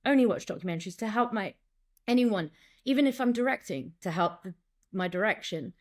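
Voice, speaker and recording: A woman director and acting coach in a casual interview, talking in an animated way, acting out lines and quotes, with many restarts. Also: mid-range voice, fairly quick.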